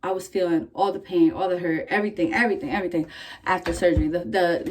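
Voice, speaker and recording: A young woman vlogging, casually telling a story in a candid, profane, animated way, full of "like" fillers. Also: lowish voice, quick pace, slight background noise.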